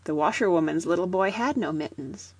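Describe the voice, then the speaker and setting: A woman reading a children's storybook aloud in a gentle, even storytelling manner. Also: lowish voice, brisk, breathy edge, dry recording. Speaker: audiobook reader.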